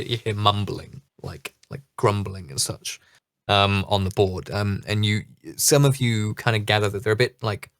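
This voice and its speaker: A man narrating a tabletop game as dungeon master, relaxed and hesitant with many fillers. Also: fairly low pitch, moderate pace, smooth, no room sound.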